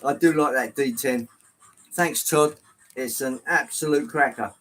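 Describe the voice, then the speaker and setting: Talking at a measured pace in a mid-range, fairly bright voice, a middle-aged man shows off his model trains on a livestream from an indoor hobby room with a layout. He explains the trains as they run and chats casually with viewers, chatty and exclamatory, reading the chat out loud. The recording is rough.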